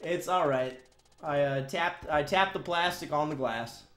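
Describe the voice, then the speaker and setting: A woman streaming a speedrun, talking in a joking, excitable way that swings to shouting, in an echoey room. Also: low-pitched, a little slow, soft background music. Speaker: video game streamer. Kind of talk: live-stream commentary while speedrunning.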